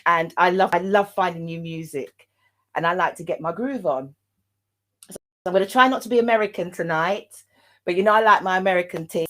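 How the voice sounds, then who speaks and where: A chatty British woman hosts a live online show, her voice sitting a touch lower than most women's. She talks in an upbeat, casual way and drops in plenty of fillers. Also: brisk, fairly bright tone. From United Kingdom. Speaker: host.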